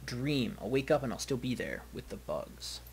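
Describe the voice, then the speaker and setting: A man's voice: mid-range voice, big pitch swings, moderate pace, slight background noise. A man voicing a frightened, haunted young elf woman in a video game, pleading shakily.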